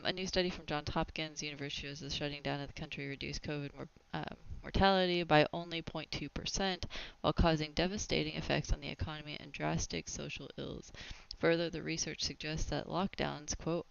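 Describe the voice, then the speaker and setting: A woman hosting a casual opinion podcast, animated and opinionated, often laughing as she talks. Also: deep voice, a little fast, gravelly, hardly any pauses, smooth. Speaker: podcast host. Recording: dry, slightly dull lo-fi sound.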